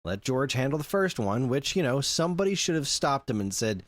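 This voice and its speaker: A man's voice: mid-range voice, fairly quick, dry recording. A man co-hosting a casual podcast chat, ranting animatedly about films. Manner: animated ranting, acts out quotes. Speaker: podcast co-host.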